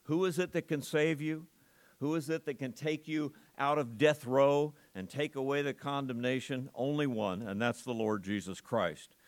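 Pastor guy giving a sermon, mid-pitched voice, punchy and emphatic, keeps asking the room questions. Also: normal speed. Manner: emphatic, asks the congregation rhetorical questions. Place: church service.

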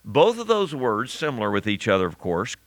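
A man's voice: medium pitch, wildly swooping pitch, a little fast, gravelly, no echo. A man preaching a sermon as pastor, teaching verse by verse with emphatic repetition.

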